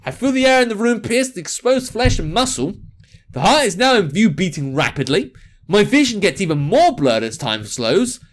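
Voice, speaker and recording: A man's voice: high voice, very animated, moderate pace. A young man reading a visual novel aloud and adding jokey, sarcastic asides. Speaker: gaming video host.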